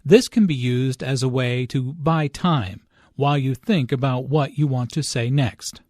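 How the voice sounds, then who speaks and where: A man narrating a scripted English lesson in a slow, clear, even delivery. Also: mid-range voice, no room sound, clean studio sound. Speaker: English teacher.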